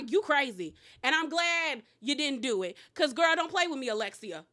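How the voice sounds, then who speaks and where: Recapping a reality show at a moderate pace, this high-pitched woman gossips in a bright, forward voice. She's sassy and animated, repeatedly calls the cast "girl," and frequently spills into laughs and loud exclamations.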